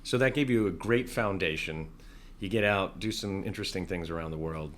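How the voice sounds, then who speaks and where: Deep-voiced male podcast host. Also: fairly quick, a bit bright, slight background noise. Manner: supportive, frequent short affirmations. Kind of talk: interview.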